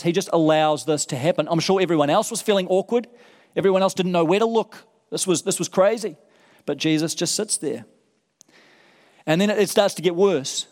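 Higher-voiced male preacher in a reverberant hall. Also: a little mellow. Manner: vivid, conversational retelling with rising emphasis. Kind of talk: sermon storytelling.

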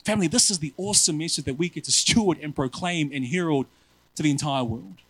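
A male preacher giving a sermon in an animated, self-mocking way, often calling his listeners family. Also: on the high side, quick pace, slightly rough, no room sound, poor audio.

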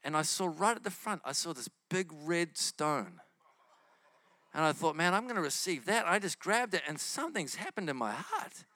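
A male preacher tells stories from the pulpit in an animated way, acting out the voices of the people he meets. His voice sits a little high and sounds bright. The sound is close and dry. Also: normal speed, no echo. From New Zealand. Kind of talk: sermon storytelling.

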